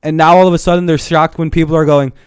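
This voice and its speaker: A young man on a live stream in a heated, profane rant. His voice is smooth and clear, recorded dry and close. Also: a little high, level tone, fast, no echo.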